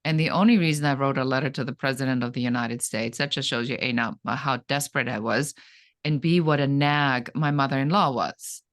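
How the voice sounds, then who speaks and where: Animated storytelling businesswoman. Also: very deep voice, fairly quick. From Germany. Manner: animated, dramatic storytelling with acted-out quotes. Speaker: guest, entrepreneur. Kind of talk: storytelling in an interview.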